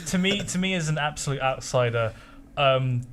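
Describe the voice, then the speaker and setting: A man's voice: mid-range voice, expressive, normal speed, a bit bright. A man guesting on a film review show, chatting casually. He stumbles and repeats his words, laughing a lot along the way. A faint background hum sits under his voice. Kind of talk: casual chat. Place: studio set.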